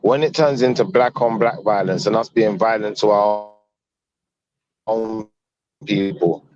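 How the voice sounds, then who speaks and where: A man arguing earnestly in a panel debate, halting and restarting as he builds his point. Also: fairly low pitch, fairly even intonation, darkish tone, dry recording, highs cut off, faint music behind. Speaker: panel guest. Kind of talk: debate argument.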